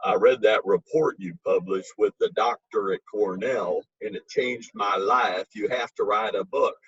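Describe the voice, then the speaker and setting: A man putting on the lower, slower drawl of an older wine executive from Memphis, Tennessee, telling a story in character. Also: fairly bright tone, breathy edge, no echo, exaggerated voice. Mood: earnest. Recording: dull lo-fi recording.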